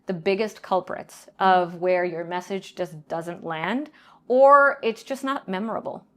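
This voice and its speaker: A middle-aged woman answering interview questions in a measured, explanatory way, often pausing to check in with "right?". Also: fairly low pitch. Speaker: guest, banking leader and professor.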